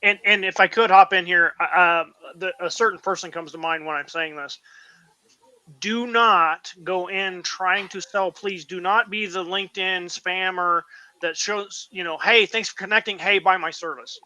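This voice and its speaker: A man's voice: sits high, steady tone, measured pace, bright, forceful tone, no echo, rough recording. A man on a panel chat giving emphatic advice, stressing his points and repeating words for weight.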